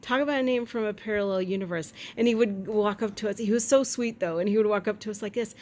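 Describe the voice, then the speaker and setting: A woman chatting at home in a rambling, jokey way, with quick asides and silly voices. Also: mid-range voice, a little mellow. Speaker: vlogger. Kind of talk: casual chat.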